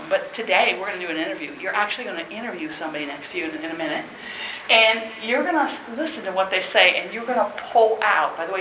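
A woman leading a teacher workshop, talking in an energetic, chatty way and laughing often. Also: fairly low pitch. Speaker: teacher trainer. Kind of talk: workshop presentation. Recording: echoey room with noise.

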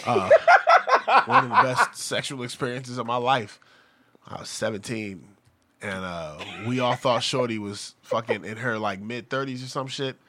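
A man's voice: mid-range voice, sing-song, normal speed, background noise. A man co-hosting a podcast, crude casual banter, storytelling and acting out friends with a raised voice. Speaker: podcast co-host.

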